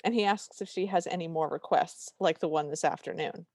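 A woman's voice: fairly low pitch, brisk, a little mellow, dry recording. A woman co-hosting a podcast, recapping a movie in casual chat with dry, wry humor. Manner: dry, wry storytelling with quoted lines. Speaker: podcast co-host.

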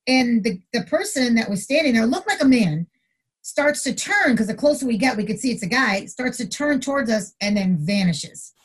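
Husky-voiced woman telling a lively story. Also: normal speed. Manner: animated storyteller, acts out quotes with big pitch jumps. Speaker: retired corrections officer, guest. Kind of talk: casual storytelling in a podcast interview.

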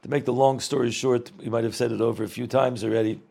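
Middle-aged male storyteller, gravelly and husky, rambling reminiscence with repeats. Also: medium pitch, level tone, fast talker, dark tone. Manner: rambling, repeats words, Yiddish and Hebrew terms. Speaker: storyteller recalling a rabbi. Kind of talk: casual spoken reminiscence.

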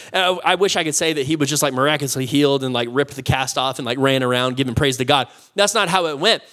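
Animated pastor telling a story. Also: male voice, a little high. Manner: animated, conversational, with asides to the congregation. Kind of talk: sermon storytelling. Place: church sanctuary.

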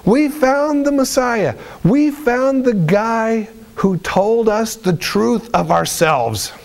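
A man voicing excited young male disciples who exclaim loudly and slowly. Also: on the low side, vocal fry, voice pushed down. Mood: overjoyed.

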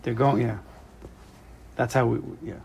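A man's voice: medium pitch, steady tone, moderate pace, creaky, a little mellow, slight background noise. A man teaching a small study group in a casual, joking way, drifting into side stories and mixing Hebrew terms into his English. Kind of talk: casual text study class.

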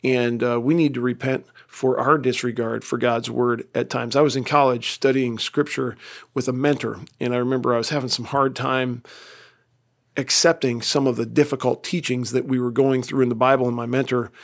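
Gravelly-voiced man teaching the Bible. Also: medium pitch, level tone, moderate pace. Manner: earnest, plainspoken, ends in prayer. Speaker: pastor.

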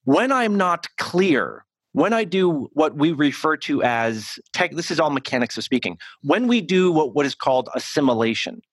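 An American man in a podcast interview, coaching on speech, talking in an animated and emphatic way with frequent restarts. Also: on the high side, normal speed, hardly any pauses, dry recording. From United States. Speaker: communication coach, guest.

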